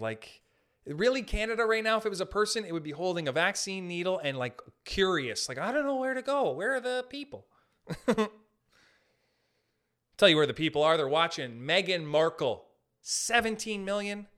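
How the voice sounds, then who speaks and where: Animated high-voiced man ranting for laughs. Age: late 20s. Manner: animated, jokey, laughs at own jokes. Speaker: podcast host. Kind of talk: comedic solo podcast rant.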